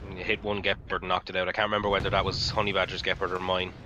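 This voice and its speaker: A man's voice: deep voice, monotone, very fast, dull audio, noisy background. A man hosting a casual game replay commentary, rambling with many ums and restarts. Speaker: gaming channel host.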